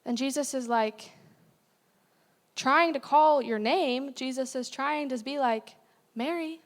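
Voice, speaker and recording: A woman's voice: high-pitched, slow. A young woman giving a casual, chatty sermon as a guest speaker, with many fillers. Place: church hall. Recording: long hall reverb.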